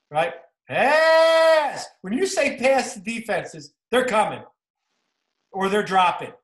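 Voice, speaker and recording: A man with a New Jersey accent, a football coach giving a clinic talk over game film in an energetic, repetitive coaching way. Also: high-pitched. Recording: roomy echo.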